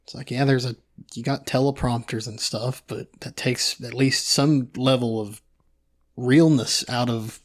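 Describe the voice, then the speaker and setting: Young man, mild Eastern Kentucky drawl, mid-pitched voice, wry and dry, casual podcast talk. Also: steady tone, unhurried. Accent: Eastern Kentucky, light drawl. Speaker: podcast co-host. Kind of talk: casual chat.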